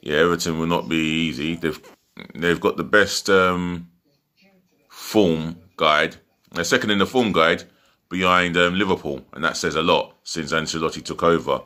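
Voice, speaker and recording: A football fan vlogger previews an upcoming match from home in a low, steady voice at a normal pace with a sharp tone. His casual preview rambles chattily, packed with fillers and false starts.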